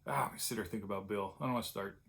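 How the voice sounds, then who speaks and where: An older Californian man hosts his own vlog, reminiscing in a loose, rambling monologue full of fillers and restarts. His voice sits on the low side, a bit bright, and moves at a quick pace. When his thoughts drift to old friends, a wistful tenderness creeps in.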